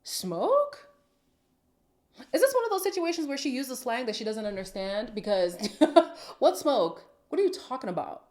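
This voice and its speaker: A woman's voice: on the high side, very animated, a little fast, a little mellow. A woman hosting a reality TV recap who reacts in a sassy, dramatic way, with sighs and sudden whispers. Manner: sassy and opinionated. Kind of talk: casual reaction commentary.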